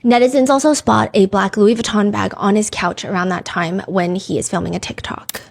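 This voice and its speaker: A woman hosts a true-crime podcast in a relaxed, conversational voice of middling pitch. She talks as if to a friend, with plenty of filler words, and she often stops to read quotes aloud. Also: fairly quick, creaky. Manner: chatty, filler-heavy, reads quotes aloud. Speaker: podcast host. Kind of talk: casual true-crime storytelling.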